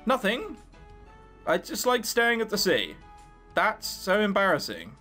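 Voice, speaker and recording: A man voicing a blunt, easily flustered young girl in a high put-on voice while reading a visual novel aloud. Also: wildly swooping pitch, a little slow, bright, forceful tone, faint music behind, exaggerated voice. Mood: curt, flustered. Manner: curt, dismissive.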